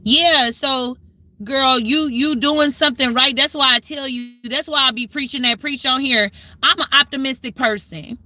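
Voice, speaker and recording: A woman's voice: high-pitched, normal speed, bright, forceful tone. A woman hosting a casual livestream, talking reflectively and answering her viewers' comments as she goes. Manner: conversational, reflective, talks back to viewer comments. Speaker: livestream host.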